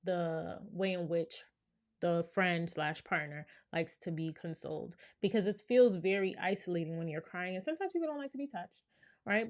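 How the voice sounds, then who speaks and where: A woman therapist giving reaction commentary, explaining things step by step and often checking in with "right?". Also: lowish voice. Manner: reflective, explains step by step, many "right?" asides.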